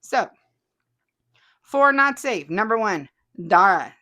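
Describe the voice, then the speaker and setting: A woman's voice: medium pitch, animated, takes it slowly, pushed and bright. A woman hosting a casual stream, chatting and reading viewer comments aloud with frequent laughs. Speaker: host.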